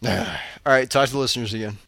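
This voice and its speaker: Jokey male podcast co-host, mid pitch, dry close recording. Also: steady tone, brisk, gravelly, a bit bright, no echo. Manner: jokey, laughs often. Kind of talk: casual chat.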